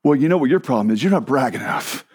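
A man's voice: mid-range voice, expressive, quick pace, a little mellow, slightly rough. A man preaching a sermon to a crowd in a church hall, joking and asking the listeners questions. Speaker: pastor.

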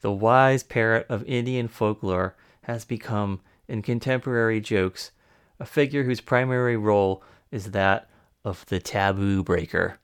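A man hosting a radio program, introducing a guest and reading passages in a measured way. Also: lowish voice, clean tone. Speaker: radio host. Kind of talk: radio interview and narration.

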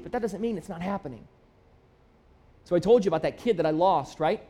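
A man's voice: high-pitched, fairly quick, warm tone. A man in his thirties, a pastor, preaching a conversational sermon with personal stories and emphatic appeals. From Michigan. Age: 30s. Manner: storytelling, conversational and self-deprecating; builds to emphatic, rising appeals.

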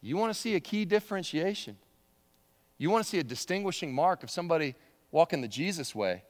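A man's voice: fairly high pitch, sing-song, fairly quick, long reverb tail. A male pastor preaching a sermon in a conversational way, often repeating words and chuckling.

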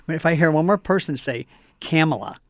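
A man's voice: fairly high pitch, expressive, moderate pace, no echo, studio quality. A man co-hosting a talk show, chatting casually and often restarting his phrases. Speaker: co-host.

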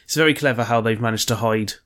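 A man's voice: medium pitch, quick pace, a bit bright. Swearing, rambling man in casual chat. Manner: profane, rambling, joking. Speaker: podcast co-host.

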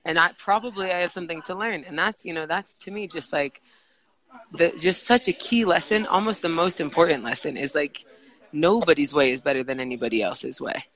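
A woman's voice: deep voice, fairly quick, fairly bright tone, rough recording. A woman who is a podcast guest, telling a personal story casually in a rambling way, with many fillers and restarts.

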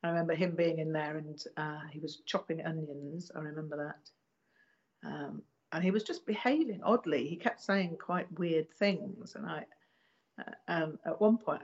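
A woman being interviewed, recalling past events in a hesitant, casual way with many pauses and restarts. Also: low-pitched, a little mellow, muffled recording.

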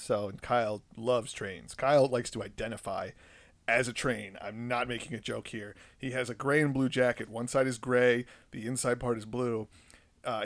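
A man's voice: medium pitch, dry recording. A man in his thirties telling a casual, rambling story as a parent, joking at his own expense. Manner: rambling and self-deprecating, with frequent restarts; animated when acting out quotes. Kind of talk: casual monologue.

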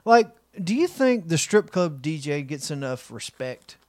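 A man's voice: fairly high pitch, very animated, unhurried, darkish tone, no room sound, studio quality. A man co-hosting a podcast in casual comedic banter, swearing freely and asking mock-serious questions. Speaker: podcast co-host.

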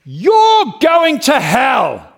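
A man voicing a stern male street preacher who keeps shouting the same condemnation at passers-by. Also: very high voice, huge pitch swings, extremely slow, creaky, voice pushed up, exaggerated voice. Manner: shouting, hammering the same line.

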